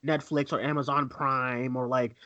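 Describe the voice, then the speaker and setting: A man co-hosting a movie news chat, excitable and swearing freely, full of stammered restarts. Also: mid-range voice, normal speed, dry recording, dull audio. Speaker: co-host of a movie news show.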